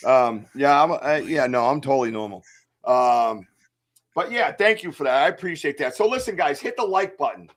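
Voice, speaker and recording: A man's voice: a little high, lively intonation, moderate pace. Hyper, joking man hosting a podcast. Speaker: podcast host. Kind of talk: casual livestream chat.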